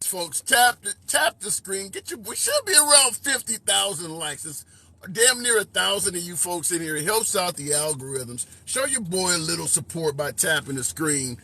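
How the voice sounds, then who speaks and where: A man's voice: sits high, very animated, moderate pace, pushed and bright. A man hosting a live call-in show, arguing pointedly with a caller and then reading out viewer comments. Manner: pushes back hard, then reads comments and asks for likes. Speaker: host.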